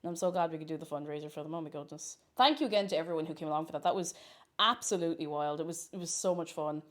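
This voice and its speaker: A woman's voice: sits low, very fast. An Irish woman live-streaming from her kitchen while baking, chatting casually, reading viewers' messages aloud and laughing often.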